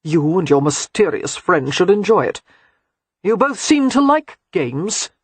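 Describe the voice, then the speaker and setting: The audiobook narrator voicing a cold, bitter young gentleman. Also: high voice, big pitch swings, measured pace, breathy edge, no room sound, heavily acted. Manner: cold, hard.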